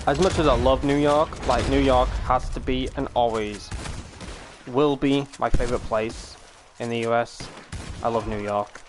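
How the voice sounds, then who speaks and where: British man, live streamer, casual chat, rambling, swears, medium pitch. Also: fairly even intonation, unhurried, background noise. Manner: rambling, swears, laughs easily.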